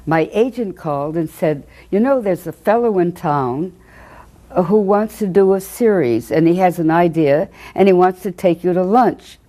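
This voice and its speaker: A woman's voice: lowish voice, moderate pace, dark tone. An older woman recalling a story in an interview, chatty with small hesitations. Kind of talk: archival interview anecdote.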